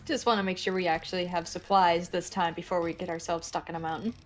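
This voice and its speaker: A woman's voice: fairly low pitch, fairly even intonation, quick pace. A woman chatting on a call with the player, asking lightly worried questions. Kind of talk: casual chat.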